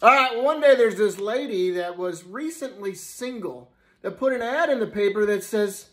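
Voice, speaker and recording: A man's voice: high voice, animated, normal speed, few pauses, fairly bright tone. A middle-aged man telling dirty jokes, laughing at his own punchlines. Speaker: joke teller.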